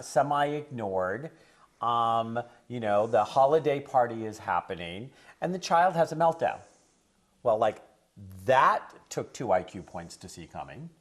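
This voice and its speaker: A man chatting on a talk show, rambling and conversational, who grows forceful and preachy when he lectures parents. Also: medium pitch. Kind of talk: casual talk show chat and storytelling.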